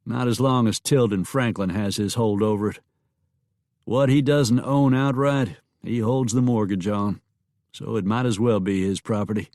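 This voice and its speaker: A man's voice: lowish voice, steady tone, normal speed, a little mellow, no echo, clean studio sound, lightly acted. A man voicing a blunt, teasing small-town sheriff in a Western audiobook. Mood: plain. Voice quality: wry, blunt.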